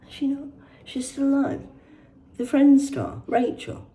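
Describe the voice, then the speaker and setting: A woman's voice: high-pitched, fairly even intonation, a little slow, warm tone. A woman reading out celebrity news and ranting about it in a casual, rambling, sweary way. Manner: rambling, sweary, digressive, mock-indignant.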